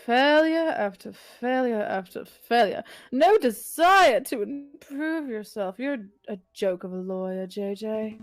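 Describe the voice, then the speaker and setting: A woman voicing a cruel, mocking noblewoman while reading a visual novel aloud, slow and contemptuous. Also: fairly high pitch, lively intonation, no room sound, faint music behind. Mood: scornful.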